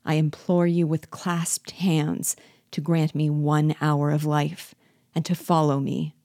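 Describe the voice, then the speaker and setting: A woman voicing a gentle, loyal man who speaks softly and persuasively, slowly and without anger. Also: deep voice, little pitch movement, no room sound, clean studio sound. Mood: pleading. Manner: soft, persuasive, slow.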